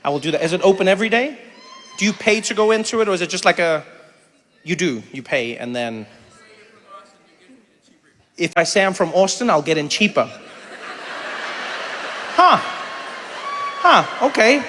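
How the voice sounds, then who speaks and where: A man's voice: high-pitched, very animated, moderate pace, long pauses, sharp tone. A man doing playful, teasing stand-up crowd work with an audience in a large theater. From South Africa. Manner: playful, teasing, fond of putting on voices. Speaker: comedian. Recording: reverberant live hall with faint noise.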